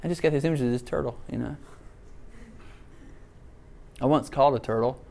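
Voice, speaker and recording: A man's voice: medium pitch, normal speed, gravelly. A middle-aged man preaching a sermon, telling stories with humor and asides. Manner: animated storytelling with humor and asides. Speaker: pastor.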